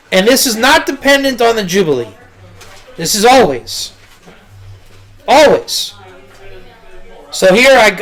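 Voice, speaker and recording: High-voiced man teaching in a rambling way. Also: fairly bright tone. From Israel. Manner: rambling, repeats words, Hebrew and Yiddish terms. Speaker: rabbi giving a talk. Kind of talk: casual teaching talk.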